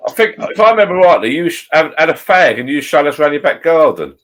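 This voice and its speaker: A man's voice: fairly high pitch, sing-song, quick pace, a bit bright. A man hosting a casual live stream chat, jokey and greeting viewers by name.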